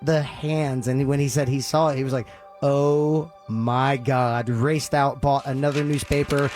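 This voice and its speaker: A man hosting a podcast, casually retelling a story with lively acted-out quotes and loose fillers. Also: medium pitch, moderate pace, soft background music. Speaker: podcast host.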